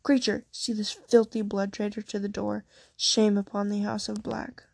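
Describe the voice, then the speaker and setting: A cold, contemptuous pure-blood witch matriarch barks orders from her house, as a woman reader puts her on. Her voice stays flat and a little gravelly, in a dry close storybook reading. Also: medium pitch, normal speed, no echo. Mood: scornful. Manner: shrieking, contemptuous.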